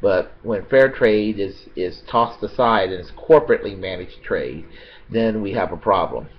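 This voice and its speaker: An American man giving a rambling, unscripted political monologue, halting with many fillers and restarts and blunt with profanity. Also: lowish voice, expressive, muffled recording. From United States.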